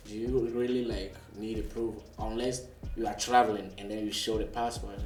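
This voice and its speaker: A man speaking haltingly with many fillers in a casual group discussion. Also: fairly low pitch, little pitch movement. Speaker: panel guest. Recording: echoey room, distant from mic, music.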